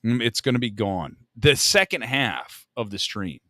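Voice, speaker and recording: A man's voice: medium pitch, sing-song, measured pace, bright, forceful tone, no room sound, studio quality. A man hosting a live movie talk stream, rambling and joking at his own expense in casual chat on a desk microphone. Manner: rambling, joking and self-mocking.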